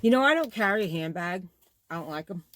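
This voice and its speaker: Casual vlog host, middle-aged woman, low pitch, effusive and rambling. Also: expressive, quick pace, a bit bright, slight background noise. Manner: gushing, rambling, exclamatory. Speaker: bag-making channel host. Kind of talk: casual show-and-tell vlog.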